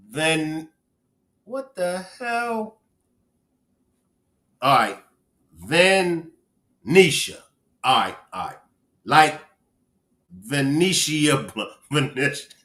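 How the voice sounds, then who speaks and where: High, lively Baltimore-accented man. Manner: playful, joking, reads viewer names aloud. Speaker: livestream host. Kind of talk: casual live-stream chat. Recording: roomy echo.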